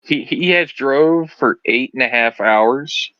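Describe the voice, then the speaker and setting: A man's voice: medium pitch, takes it slowly, no echo, lo-fi sound. A man bantering and teasing on a casual live stream, stammering through restarts. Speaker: co-host guest.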